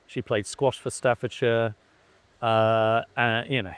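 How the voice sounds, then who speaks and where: A man's voice: mid-range voice, flat delivery, slow, a bit bright, smooth. A middle-aged man from England, talking in an interview with many fillers and restarts. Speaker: interviewee, son of a cricketer. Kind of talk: conversational interview.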